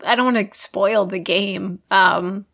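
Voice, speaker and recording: A woman's voice: mid-range voice, fairly even intonation, takes it slowly, vocal fry, fairly bright tone. Chatty woman podcast co-host. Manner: chatty, frequent "like" fillers and laughs. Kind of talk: casual chat.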